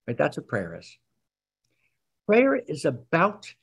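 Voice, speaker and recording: Husky, expressive male spiritual teacher. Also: a little high, measured pace, long pauses. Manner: expressive, wry, intimate. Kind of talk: sermon-style storytelling.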